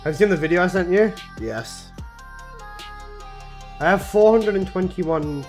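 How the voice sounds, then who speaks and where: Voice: medium pitch, unhurried, faint music behind. A game streamer reacting to a video in casual, giggly chat, swearing now and then.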